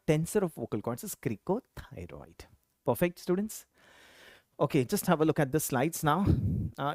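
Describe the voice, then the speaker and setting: Lecturer drilling exam facts: animated intonation, quizzes then answers, dry recording. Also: medium pitch, dry recording. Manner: quizzes students with questions and answers them himself; repeats key terms for emphasis. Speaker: teacher. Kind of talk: exam-prep anatomy lecture.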